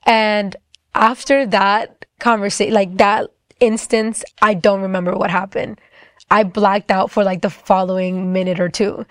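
A woman's voice: medium pitch, level tone, dry recording. Chatty young woman, dry close sound. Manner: quick, chatty, full of "like" fillers. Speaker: storyteller sharing a personal faith testimony. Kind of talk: casual personal testimony.

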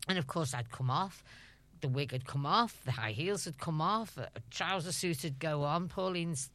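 Woman, Scouse accent, middle-aged, interview guest, chatty storyteller, deep voice, dry close sound. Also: normal speed, a bit bright, no room sound. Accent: Liverpool (Scouse). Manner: chatty storyteller, laughs often. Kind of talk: anecdotal interview chat.

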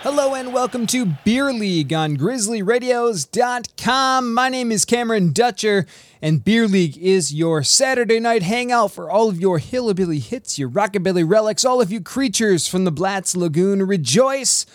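A man's voice: high voice, lively intonation, normal speed, dry recording. A man hosting a radio show, giving a chatty, upbeat introduction to the episode. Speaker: radio host.

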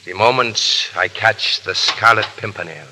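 An actor playing a cold, calculating French ambassador who speaks smoothly and with cool irony. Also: male voice, lowish voice, a little slow, a crowd in the background, rough recording. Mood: scheming.

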